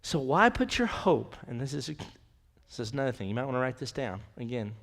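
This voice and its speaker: A man's voice: medium pitch, big pitch swings, moderate pace, fairly bright tone, big-room sound. A man preaching a conversational sermon as pastor, often dropping to a near whisper for emphasis. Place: church sanctuary.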